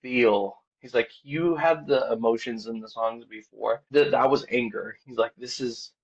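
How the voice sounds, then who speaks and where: A man guest on a podcast, telling a personal story in a rambling, casual way, full of "like" and quoted back-and-forth, mostly quiet and low-key. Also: measured pace, slightly rough. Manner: rambling, heavy on "like" and quoted dialogue; quiet and low-key, lifting when excited. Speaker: podcast guest, band vocalist. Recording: dull, muffled podcast audio.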